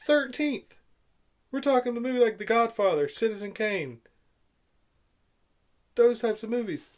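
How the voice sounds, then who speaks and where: A man giving an exasperated, sarcastic film review rant, swinging between loud outbursts and low muttering. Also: measured pace. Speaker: movie reviewer.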